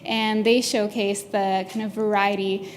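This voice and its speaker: A woman gives a measured talk to an audience, pausing now and then with fillers. Her pitch is ordinary for a woman, and faint room noise lies under her voice. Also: little pitch movement. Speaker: presenter, photographer. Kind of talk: short talk at an exhibit opening.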